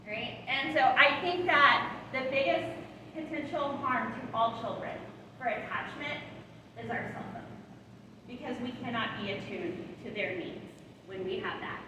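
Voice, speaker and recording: Middle-aged woman trainer, high voice, "right?" after points, taped from afar in a hall with noise. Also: measured pace. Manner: tags lines with "right?" and "all right?"; acts out soothing words to a child. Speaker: guest speaker on attachment. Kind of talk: training talk to foster and adoptive parents. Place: large hall. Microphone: room mic far from the speaker. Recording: echoey hall from far off, noisy.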